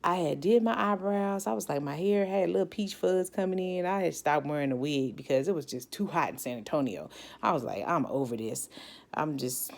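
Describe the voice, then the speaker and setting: A woman's voice: lowish voice, expressive, brisk, vocal fry. A woman telling her own story as a cancer survivor, reflective and candid, often restarting her sentences. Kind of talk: personal storytelling.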